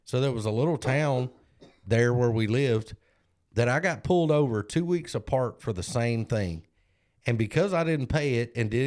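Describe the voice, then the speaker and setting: A man's voice: medium pitch, a little mellow. A man, co-hosting a podcast and telling a self-deprecating story in a casual way, acting out other people's lines. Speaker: podcast co-host.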